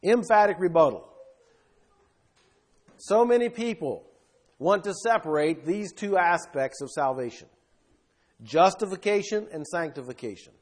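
A man preaching a sermon with emphasis, swinging between loud bursts and quiet asides. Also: high voice, expressive, unhurried, pauses often.

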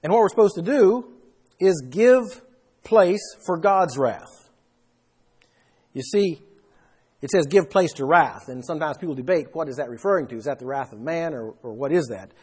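Husky emphatic male preacher. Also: fairly high pitch. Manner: emphatic, rising for stress. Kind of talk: sermon.

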